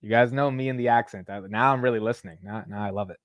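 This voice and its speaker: A man hosting a casual livestream of market commentary, animated and blunt, swearing casually. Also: on the low side, fast, dry recording, muffled recording. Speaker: host.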